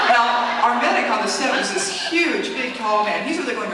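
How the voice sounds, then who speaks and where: A woman at a convention Q&A telling set stories in a casual, animated way, laughing often and acting out quotes. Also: a little high, fast, hardly any pauses. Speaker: convention guest speaker. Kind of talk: casual storytelling Q&A. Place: convention hall. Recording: echoey hall recorded from far off, noisy.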